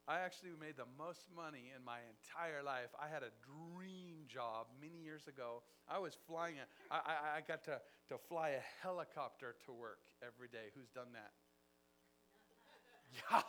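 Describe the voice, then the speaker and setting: A man preaches a sermon in a slightly high voice, acting out a story with lively swings from quiet asides to loud bursts. A faint hum sits under the recording. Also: moderate pace. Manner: animated storyteller, acting out dialogue with big swings in loudness.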